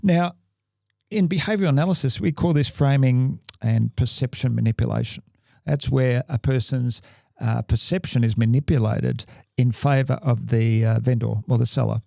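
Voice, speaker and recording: An Australian man co-hosting a podcast, gravelly and mellow in tone. He talks in halting bursts, stopping and restarting his sentences. The sound is dry and close. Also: mid-range voice, no room sound. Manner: halting, many restarts and fillers. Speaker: podcast co-host. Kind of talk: casual chat. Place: podcast studio.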